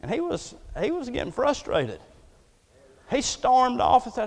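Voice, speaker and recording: A man pastoring a church, preaching a folksy sermon, joking and then building to loud passages. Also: very high voice, sing-song, unhurried, pauses often, big-room sound.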